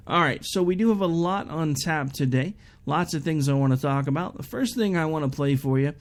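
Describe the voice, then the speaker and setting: A male internet talk radio host with a gravelly voice chats casually through show updates. His manner is rambling, folksy and self-deprecating, with some fry at the ends of phrases. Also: mid-range voice, darkish tone.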